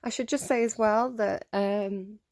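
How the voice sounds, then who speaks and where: A woman's voice: mid-range voice, fairly even intonation, a little slow, darkish tone. A woman giving a casual tarot reading to camera at home, rambling and chatty with lots of fillers and small laughs. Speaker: tarot reader.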